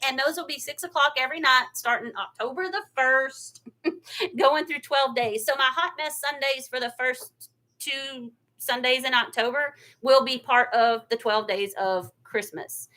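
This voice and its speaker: A woman's voice: high-pitched, normal speed, pushed and bright. A woman hosting a casual craft livestream, chatty and gushing, laughing often and close to tears. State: near tears. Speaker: craft channel host.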